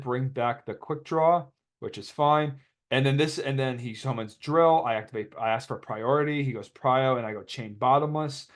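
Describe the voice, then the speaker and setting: A young man casually commentating over his card game replays, rambling and joking as he retells a dispute. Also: mid-range voice. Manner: rambling, joking, quotes others in put-on voices.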